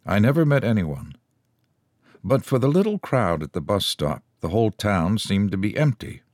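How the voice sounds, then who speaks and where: With a lowish voice, this man narrates an audiobook script at a steady, even storytelling pace. There's no echo, just clean studio sound.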